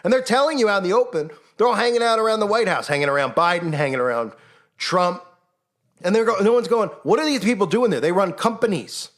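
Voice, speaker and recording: Impassioned and sarcastic, this male online commentator mocks people by imitating their voices. He has a high, sing-song voice that's a bit bright, and he speaks at a quick pace.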